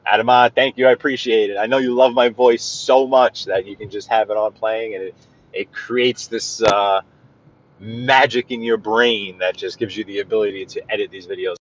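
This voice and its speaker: A man's voice: lowish voice, fairly even intonation, moderate pace, lo-fi sound. A man from Brooklyn with a New York accent, chatting casually with livestream viewers while he drives through the city. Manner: chatty, rambling, greets viewers by name. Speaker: livestream driving host. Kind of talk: casual live-stream chat while driving. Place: inside a car in city traffic.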